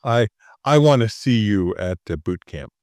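A man's voice: on the low side, animated, a little slow, darkish tone, no room sound. A man in his sixties chatting casually as a co-host, telling stories about himself with dry, self-mocking humor. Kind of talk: casual chat.

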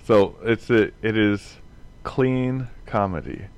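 A man's voice: fairly low pitch, takes it slowly, a little mellow, smooth. A man in a casual group chat, telling rambling anecdotes and chuckling often as he goes.

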